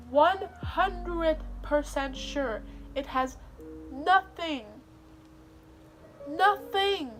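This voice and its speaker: A woman's voice: high voice, fairly bright tone. A young woman venting to camera while in pain and close to tears, stressing her words by repeating them. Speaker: vlogger.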